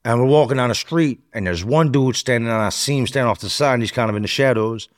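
A man telling a first-person story as a podcast guest, animated and slangy, acting out other people's lines as he goes. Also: medium pitch, fast talker, no echo, clean studio sound. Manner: animated storyteller, slangy, acts out quoted voices.

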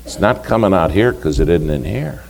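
A man preaching a sermon, telling a story in an animated, conversational way with emphasis. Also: sits low, moderate pace, creaky, a little hiss or hum.

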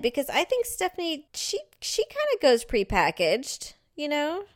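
A woman's voice: high voice, wildly swooping pitch, measured pace, few pauses. A middle-aged woman co-hosting a casual chat, ranting bluntly and sarcastically. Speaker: podcast co-host.

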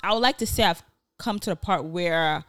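A woman's voice: on the low side, moderate pace, a bit bright, no echo, faint music behind. A woman co-hosting a podcast in casual chat, encouraging and reflective, with many fillers. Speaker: podcast co-host.

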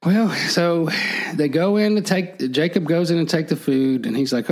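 A man's voice: mid-range voice, moderate pace, a little mellow, poor audio. A man in casual chat, retelling an old story and acting out the characters' lines in a lifted voice, laughing now and then. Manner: acts out the characters' lines with a raised voice; laughs easily while telling.

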